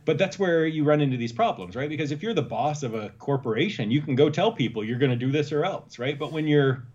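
A man's voice: a little high, lively intonation, quick pace, darkish tone. A man from Texas co-hosts a casual politics chat, starting and restarting his sentences as he thinks. His recording sounds a little dull and lo-fi. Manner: hesitant, many restarts. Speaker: podcast co-host.

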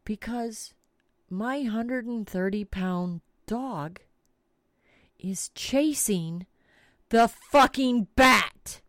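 A woman's voice: a little high, extremely slow, no room sound, clean studio sound. A middle-aged woman host telling a comic story with frequent swearing and dramatic emphasis. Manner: animated, swears freely, dramatic retelling. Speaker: podcast host.

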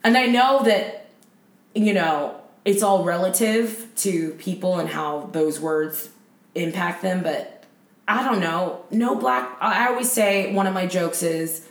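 A woman comedian chatting as a podcast guest, animated and often laughing as she tells stories. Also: fairly low pitch, measured pace, reverberant. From United States. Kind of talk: casual chat.

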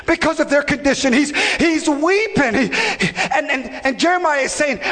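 A man preaches a sermon in a church, his voice sitting very high. He preaches emphatically, often shouting and calling on the congregation to answer. The sound rings with the long reverb of a big hall. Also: moderate pace, few pauses. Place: church sanctuary.

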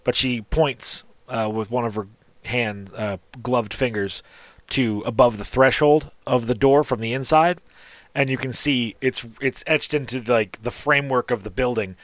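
A man narrating a tabletop game as game master, in a relaxed, rambling, descriptive way. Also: mid-range voice, unhurried, no room sound. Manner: relaxed, casual, descriptive, lots of "sort of" and "like".

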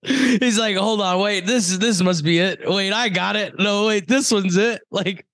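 A man's voice: high-pitched, a little slow, fairly bright tone, dry recording, studio quality. A man co-hosting a podcast, telling stories in casual chat, swearing and laughing often. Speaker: podcast co-host.

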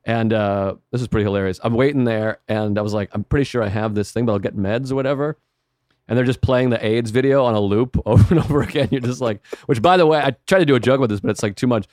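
Fast-talking man telling stories. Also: mid-range voice, a little mellow, no echo, clean studio sound. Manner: rapid, rambling storytelling with frequent "like". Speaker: comedian guest. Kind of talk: casual podcast chat.

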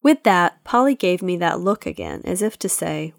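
Give me a woman reading a children's story aloud, lower pitch, dry sound. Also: normal speed, vocal fry, no room sound. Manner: even, storytelling read. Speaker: audiobook narrator. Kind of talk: children's audiobook narration.

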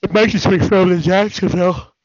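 A man's voice: high voice, fairly even intonation, fairly quick, darkish tone, dry recording. A man co-hosting a casual wrestling podcast, rambling and hesitant with many restarts, a bit tired. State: yawning, tired. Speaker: podcast co-host. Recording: dull dry podcast audio.

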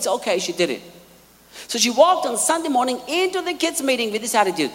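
Preaching with lively storytelling at a quick pace, a man lets his pitch swing widely and acts out the quotes in his tales. A long reverb fills the hall he speaks in.

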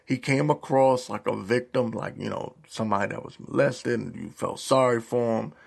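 A man's voice: medium pitch, normal speed, vocal fry. A man giving a casual, profane rant as a YouTube commentator, heavy on slang. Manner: profane, animated ranting with slang.

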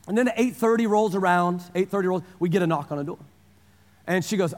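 A man's voice: sits high, fast. A man in his forties preaching a sermon in a casual, storytelling way, repeating phrases for emphasis. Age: 40s. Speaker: pastor. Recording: long hall reverb.

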